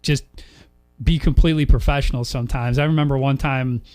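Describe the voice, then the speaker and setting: A man's voice: mid-range voice, steady tone, brisk, a little mellow. Young male sportscaster guest, cheerful, tells stories on himself. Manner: upbeat storyteller, laughs at himself. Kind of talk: casual sports radio chat.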